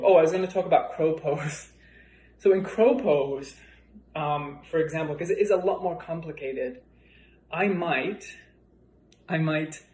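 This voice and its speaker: A male yoga teacher leads a workshop demonstration with spoken cues, relaxed and chatty, slipping in light chuckles between points. His voice sits a little high for a man and carries a roomy studio echo, and he sounds a little out of breath. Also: slight background noise.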